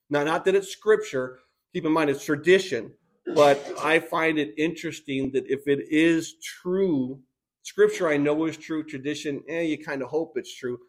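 A male pastor preaching a sermon in an earnest, emphatic way, repeating key phrases, his voice strained by sickness. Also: medium pitch. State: sick, strained voice.

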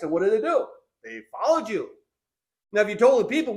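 Lively, high-voiced male preacher. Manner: animated preaching, acting out Bible figures in quick dialogue. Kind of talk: sermon.

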